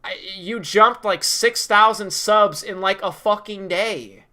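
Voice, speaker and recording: A man's voice: sits high, slow, bright, forceful tone. A young man ranting in a commentary vlog, sarcastic, profane and mocking. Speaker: video creator.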